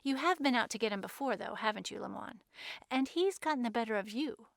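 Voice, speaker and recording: A woman voicing an unflappable, amused gentleman who talks lightly and teasingly. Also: a little high, lively intonation, fairly quick, gravelly, no echo, studio quality.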